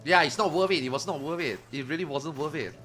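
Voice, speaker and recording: A man streaming, telling a story to his chat in a casual, animated way, swearing freely and acting out his friends' lines. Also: fairly high pitch, quick pace, faint music behind.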